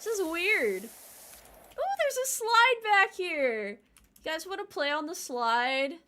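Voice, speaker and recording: A young woman with an American accent streaming a game, talking to her chat in a loud, playful, teasing way. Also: extremely high pitch, big pitch swings, slow. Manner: playful, loud and teasing with chat, trailing into quiet mock apologies.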